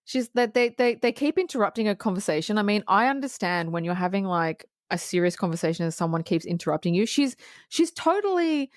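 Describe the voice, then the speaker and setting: A woman co-hosting a casual movie review podcast. She walks through scenes with frequent laughs and acted quotes. Her voice is mid-pitched and sits dry and close to the mic. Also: sing-song, a little fast, dry recording. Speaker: podcast co-host.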